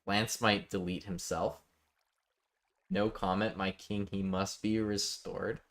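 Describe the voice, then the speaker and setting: A man's voice: low-pitched, level tone, slow pace, a bit bright. A man chatting casually with his viewers while live-streaming a building game, reading out chat and joking. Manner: chatty, reads chat aloud, jokey.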